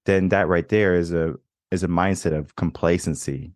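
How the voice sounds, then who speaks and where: A man's voice: deep voice, fairly even intonation, normal speed, a little mellow, no room sound, clean studio sound. A young adult man hosting a coaching podcast, talking reflectively and telling personal stories with the odd laugh. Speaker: podcast host. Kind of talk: casual interview chat.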